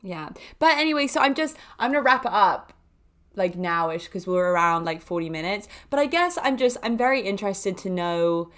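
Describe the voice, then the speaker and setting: A young woman talks through her week on her own podcast. She tells stories in a loose, animated way, full of little fillers and quick laughs. Her voice sits at an everyday middle pitch. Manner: chatty, animated, laughs often, many fillers. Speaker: podcast host. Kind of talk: casual storytelling monologue.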